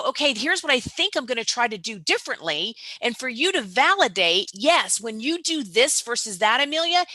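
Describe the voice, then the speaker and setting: Woman entrepreneur, interview guest; bright, slightly high, dry close sound; emphatic, acts out dialogue. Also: no echo. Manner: emphatic, tags points with "right?"; acts out both sides of dialogues. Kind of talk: motivational interview talk.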